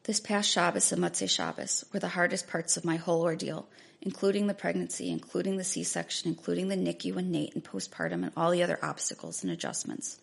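A woman with a deep, gravelly voice full of vocal fry reads her own memoir aloud. Her tone is husky and a little low, and she paces each line in an earnest, measured, introspective way. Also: expressive. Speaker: memoir narrator. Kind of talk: first-person memoir reading.

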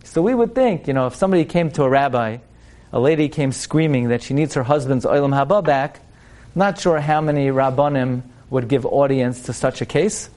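A man teaching through an animated, dramatic story, speaking directly to his listeners. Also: mid-range voice, a little fast. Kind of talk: storytelling lesson.

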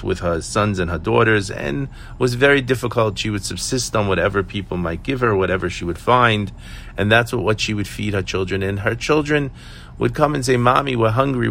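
A man's voice: fairly low pitch, vocal fry, fairly bright tone, slight background noise. A man giving an earnest Torah teaching, asking questions and telling a story with hesitant fillers. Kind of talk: sermon with storytelling.

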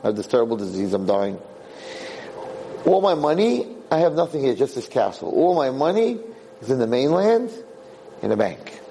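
This is a dying old father who speaks calmly and wisely in a lowered, steady voice, as a storyteller puts him on. He is quietly reassuring. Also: normal speed, pauses often, slight background noise, low-quality recording. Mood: solemn.

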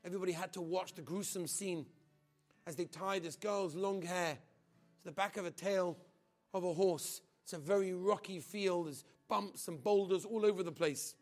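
A man with a high, raised voice delivers a passionate storytelling sermon. He acts out each part, rising to urgent loud stretches and dropping to hushed, grave tones. Faint music plays behind him. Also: normal speed. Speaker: teacher on a school trip. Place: outdoors at a memorial site.

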